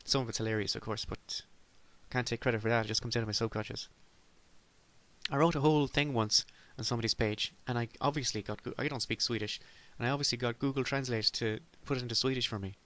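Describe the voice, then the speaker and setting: A man's voice: medium pitch, fairly even intonation, fast, fairly bright tone. A man from Ireland hosting a solo comedy podcast, rambling in a self-deprecating way with sudden exasperated outbursts. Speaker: podcast host.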